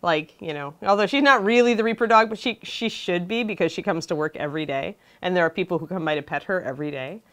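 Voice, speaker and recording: A woman's voice: fairly low pitch, fast, few pauses, a bit bright. A woman casually hosting a livestream, chatting and greeting viewers by name. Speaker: host of a miniature painting livestream.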